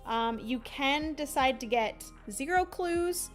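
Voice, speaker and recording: A woman's voice: high-pitched, lively intonation, slow pace, faint music behind. A young woman streamer chatting casually and giggling as she rambles through a livestream.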